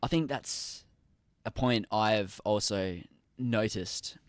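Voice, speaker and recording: A man's voice: lowish voice, takes it slowly, no room sound. Australian male podcast host, dry close sound. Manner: enthusiastic, agreeable, frequent affirmations. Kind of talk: interview conversation.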